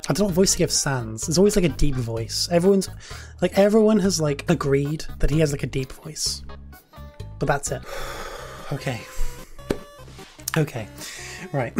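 A woman's voice: low voice, lively intonation, moderate pace, pauses often, mellow, faint music behind. A young British woman chatting casually while playing a game, with lots of "like". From United Kingdom. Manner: chatty, uses "like" a lot. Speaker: streamer. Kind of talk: casual let's play chat.

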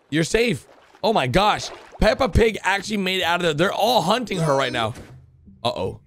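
A man hosting a reaction video, excitedly commenting and cheering characters on with loud exclamations. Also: high-pitched, moderate pace, a little hiss or hum. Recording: music playing under the voice.

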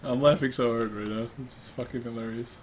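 A man playing a tank game with friends, loud and excited, laughing often and swearing freely. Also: medium pitch, brisk, noisy background. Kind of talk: excited gaming voice chat.

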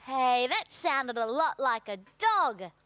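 A woman's voice: high-pitched, sing-song, takes it slowly, no room sound. A young woman presenting a children's TV show, singing and talking in a playful, sing-song way with animal noises. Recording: loud children's music backing.

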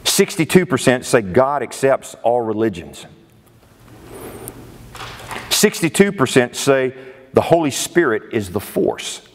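Emphatic preacher with a lively voice. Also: male voice, medium pitch, slow, long pauses, in a large hall, slight background noise. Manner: emphatic, exclaims in disbelief. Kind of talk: sermon. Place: church sanctuary.

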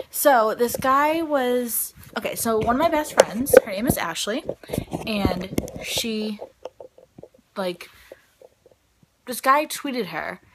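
A woman's voice: mid-range voice, a bit bright, a little hiss or hum. A young woman vlogging in a chatty, rambling way, full of "like" and "um". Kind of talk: casual vlog chat.

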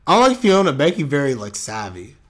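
A man's voice: on the high side, wildly swooping pitch, fairly quick. A man reacting live to an anime episode on his stream, chatty and openly emotional.

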